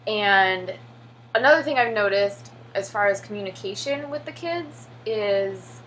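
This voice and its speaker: A chatty young woman from the United States talks to camera in a casual vlog, full of "like" and "um". Her voice sits at a middle pitch. A faint hum runs underneath the recording. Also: expressive, a little slow, fairly bright tone, poor audio. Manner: chatty, many fillers and "like"; acts out children's voices when telling stories. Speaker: English teacher in Korea.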